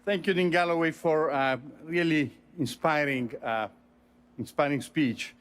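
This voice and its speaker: A man's voice: a little high, a little slow. A man from Italy with an Italian accent, a university president giving a commencement speech, joking about himself, with many fillers and restarts. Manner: warm, self-joking, many uh fillers and repeats.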